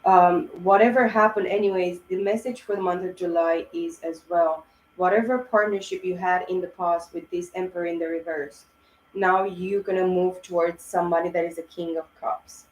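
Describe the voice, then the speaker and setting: A tarot reader gives a casual monologue reading in a low, flat, even voice at a moderate pace. She rambles emotionally, full of fillers and restarts, while an echoey room carries a faint hiss behind her.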